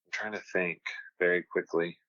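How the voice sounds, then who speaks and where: A man's voice: low voice, fairly even intonation, moderate pace, bright, forceful tone, dry recording, lo-fi sound. A man co-hosting a podcast in casual chat, easygoing and plugging merchandise. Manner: easygoing, promotional asides. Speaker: podcast co-host. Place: home studio on video.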